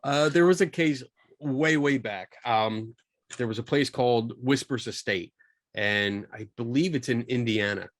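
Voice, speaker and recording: A man's voice: medium pitch, unhurried, no echo, clean studio sound. Chatty man telling a story. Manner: chatty, animated storyteller with frequent restarts. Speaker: guest, skeptical paranormal investigator. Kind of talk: casual storytelling interview.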